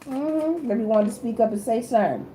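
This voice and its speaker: A woman's voice: on the high side, lively intonation, fairly quick, roomy sound, background noise. A woman host giving a casual tarot reading to camera, chatty and teasing, laughing often and talking in loose slang. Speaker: tarot reader and channel host.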